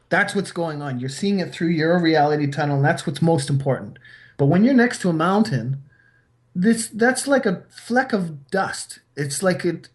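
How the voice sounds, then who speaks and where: A man hosting a podcast, talking in a rambling, philosophical way and retelling fables to make his point. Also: mid-range voice. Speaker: podcast host. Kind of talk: casual chat.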